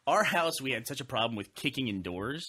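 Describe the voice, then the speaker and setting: A man's voice: mid-range voice, expressive, a little fast, pushed and bright, slightly rough. A young man co-hosting a podcast, telling a rowdy college story in casual chat, laughing often and swearing freely. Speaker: podcast co-host.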